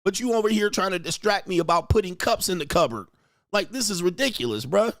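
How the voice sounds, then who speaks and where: A man hosts his own show in a profane, mocking rant. His voice sits on the higher side and is recorded dry and close, with no room sound. He keeps climbing into loud, high shouting as he gets heated. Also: animated, a little fast, no echo. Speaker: online dating coach and host. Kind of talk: profane ranting commentary.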